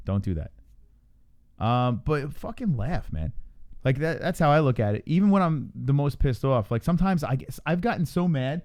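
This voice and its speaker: A man's voice: lively intonation, moderate pace, darkish tone. Profane, joking man livestreaming with his partner. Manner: loose, profane, laughing, jumps into high voices for quotes. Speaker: livestream co-host. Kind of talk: casual livestream chat.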